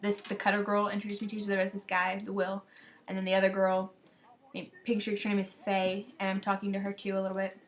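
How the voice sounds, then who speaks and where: A woman's voice: mid-range voice, completely flat delivery, fast talker. Chatty teenage girl rambling to her webcam. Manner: rambling, gossipy, quotes others in exasperated voices. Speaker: vlogger sending a video message to a friend. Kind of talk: casual chatty video message.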